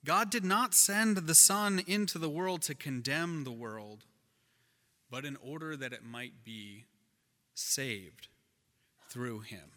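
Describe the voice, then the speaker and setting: A man preaching a sermon, telling a childhood story with lively swings between loud and hushed delivery. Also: fairly high pitch, slow, big-room sound. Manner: animated storyteller, shifts loud and soft. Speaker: pastor.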